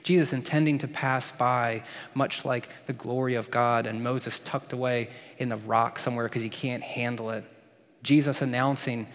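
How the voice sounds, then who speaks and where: Guy preaching a sermon, cracks jokes, normal pitch, big echoey hall. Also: steady tone, moderate pace. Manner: jokey, playful asides. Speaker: pastor.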